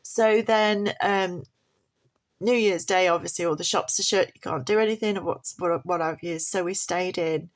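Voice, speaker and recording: A woman's voice: on the low side, steady tone, normal speed. A woman vlogging casually from her bed at home, rambling and laughing often while she gets over tonsillitis with a sore throat. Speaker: budgeting vlogger. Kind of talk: casual chat to camera.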